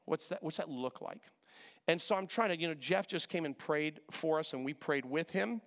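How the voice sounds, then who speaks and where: A man preaching a sermon as pastor, animated and repetitive, acting out voices when he quotes people. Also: on the high side, normal speed. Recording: long hall reverb.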